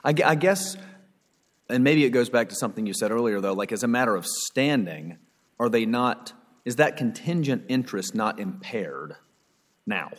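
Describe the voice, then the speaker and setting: A man's voice: medium pitch, lively intonation, normal speed, big-room sound. A man questioning a lawyer from the bench, probing and tentative, repeating words as he thinks. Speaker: appellate judge. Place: courtroom.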